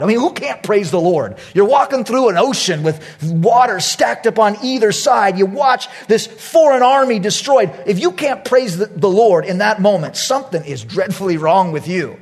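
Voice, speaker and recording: A male pastor preaching a sermon. He tells his story with animated energy, jumping from loud bursts to hushed asides. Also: sits high, moderate pace, hardly any pauses, slightly rough.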